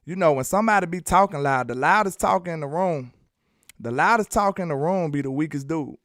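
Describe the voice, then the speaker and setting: A man with a Southern accent from Alabama, doing casual sports talk and reading his live chat in an animated, playful, trash-talking way. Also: a little high, a little fast, dry recording, studio quality. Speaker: sports commentator.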